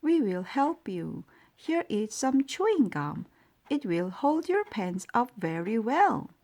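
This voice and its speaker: Woman doing gentle, kindly storybook children. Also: a little high, sing-song, voice pushed up, heavily acted. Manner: gentle, slow and soothing. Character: kind group of helpful children.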